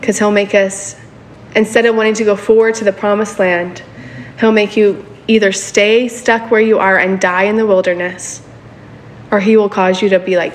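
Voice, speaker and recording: A woman's voice: mid-range voice, level tone, normal speed, slight background noise. A woman preaching a sermon in a casual, conversational way, often checking in with her listeners for agreement.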